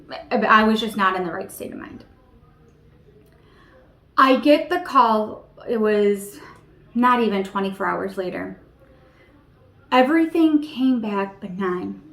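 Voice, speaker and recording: A woman's voice: medium pitch, measured pace, pauses often, fairly bright tone, roomy sound. A woman in her thirties telling a personal story to camera in an earnest, emotional way, with many fillers like "you know" and "like". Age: 30s. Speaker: vlogger.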